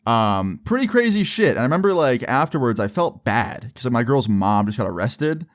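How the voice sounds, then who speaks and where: A man's voice: mid-range voice, big pitch swings, normal speed. A young man in a mid-range voice tells a personal story in a loose, casual way. He swears freely and leans on fillers as he talks. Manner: casual, profane, lots of fillers.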